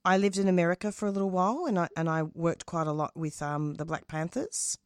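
A middle-aged woman talks as an interview guest with a low voice and a lot of feeling. She stops and restarts her sentences as she speaks. Her voice sounds dry and close, with no room sound. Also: fairly even intonation, dry recording. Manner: passionate, halting, with frequent restarts. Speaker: radio show host as interview guest. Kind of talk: conversational interview.

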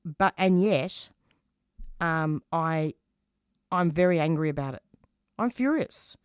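A woman's voice: sits low, lively intonation, clean tone, no room sound, clean studio sound. A middle-aged woman, a radio host, speaking passionately as an interview guest, often breaking off and restarting her sentences. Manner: passionate, halting, with frequent restarts. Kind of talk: conversational interview.

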